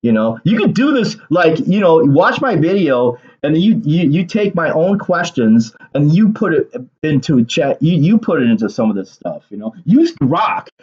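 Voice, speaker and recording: A man's voice: on the high side, very animated, normal speed, hardly any pauses, a little mellow, muffled recording. A man talking through casual political commentary in a rambling way, repeating words and leaning on fillers.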